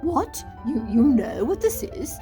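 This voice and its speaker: A woman's voice: high-pitched, very animated, slow, dark tone, soft background music, heavily acted. A woman playing a sing-song, playful puppet lady. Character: playful grown-up woman puppet, teacher friend. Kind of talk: children's puppet show.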